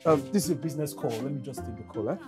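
A performer playing a flustered young tenant who keeps denying and dodging questions in a comedy series. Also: female voice, very deep voice, rapid-fire, music in the background. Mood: evasive. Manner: defensive, flustered. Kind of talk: Nollywood comedy acting.

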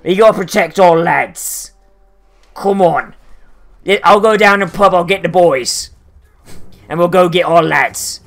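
Man doing a mock british lad, rowdy, bit high, rallying the boys. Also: a little slow, vocal fry, pauses often, fairly bright tone, exaggerated voice. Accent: mock heavy British. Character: blokey male British lad rallying mates.

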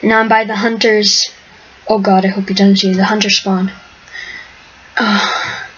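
Her delivery is flat, her voice mid-range, and her speed normal as a woman hosts her own game video. She rambles chattily through live commentary on the play, sometimes dropping to a whisper, over a dull lo-fi mic with faint hiss.

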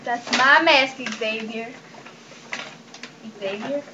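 A woman hosting a silly comedy sketch in a deliberately fake accent, playful and breaking into loud scolding. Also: a little high, muffled recording, noisy background. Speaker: comedy video host.

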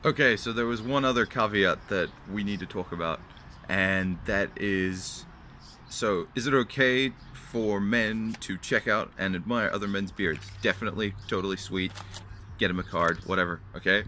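A man's voice: lowish voice, normal speed, sharp tone, slight background noise. Blunt, sweary bearded guy ranting to camera. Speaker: vlog host answering fan questions. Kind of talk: casual profane rant to camera.

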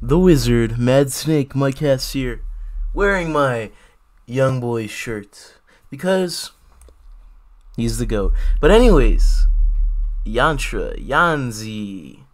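A man's voice: mid-range voice, big pitch swings, slow pace. A young man hosting a song reaction show, talking loosely with slang and frequent swearing. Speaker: host reviewing songs. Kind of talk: casual reaction commentary.

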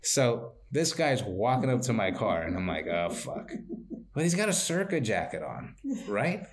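Animated, swearing male podcast host. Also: medium pitch, moderate pace. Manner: animated storyteller, acts out quoted voices, swears freely; tags lines with "right?". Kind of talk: casual storytelling chat.

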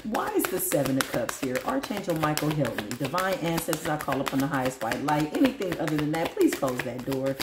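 Lively tarot-reading woman, laughs a lot, voice bounces all over, roomy echo. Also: a little fast, hardly any pauses, very noisy. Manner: animated, laughing often, big pitch swings, talks to spirit and viewers. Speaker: tarot reader.

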